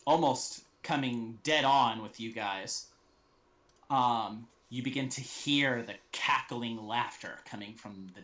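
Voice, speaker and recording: Male game master for a tabletop session, slow deliberate pacing, bright tense tone, halting delivery full of ums. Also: mid-range voice.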